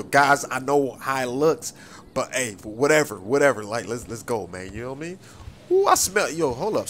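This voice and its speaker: A young man giving casual, slangy role-play commentary over a game, excitable, with sudden high whoops and yelps. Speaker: gaming YouTuber.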